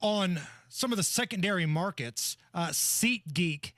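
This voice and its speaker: A Midwestern man co-hosting a radio talk show, joking and quick to laugh in casual banter. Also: high voice, expressive, a bit bright, no echo, studio quality. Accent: Midwestern American.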